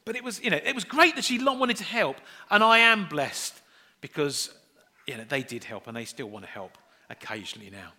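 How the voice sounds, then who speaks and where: A man's voice: fairly high pitch, animated, a little fast, sharp tone. A middle-aged man preaching a sermon, telling chatty, self-deprecating family stories and acting out the voices in them.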